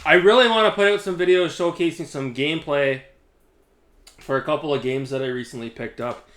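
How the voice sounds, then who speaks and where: Bright, sharp-voiced man ranting. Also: a little high, fairly quick. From Canada. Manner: profane, sarcastic, ranting with frequent laughs. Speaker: YouTuber. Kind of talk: casual vlog rant.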